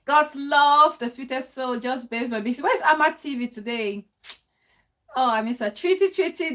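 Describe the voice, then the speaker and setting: A woman hosts a casual live stream and speaks straight to her viewers. Her voice sits high and sounds bright and forceful, and her delivery is emotional and pleading. She calls out viewers by name. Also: moderate pace. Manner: emotional and pleading, shouting out names.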